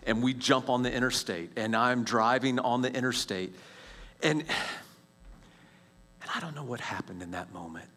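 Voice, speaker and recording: A man in his forties sharing a personal faith testimony as a story, animated, with many restarts and quiet, hushed stretches at tense moments. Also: mid-range voice, unhurried, long pauses.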